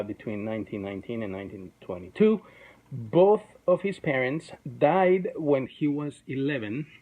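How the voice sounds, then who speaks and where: A man's voice: mid-range voice, phone-quality sound. A man hosting an online show in a chatty, self-deprecating way, with many fillers. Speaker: host. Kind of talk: casual YouTube show.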